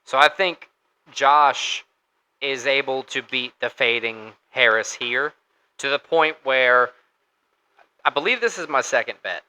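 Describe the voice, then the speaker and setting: A man's voice: mid-range voice, measured pace, sharp tone, clean tone, poor audio. A man co-hosting a casual sports podcast, talking through fight picks in a loose, conversational way with fillers and restarts. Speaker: podcast co-host.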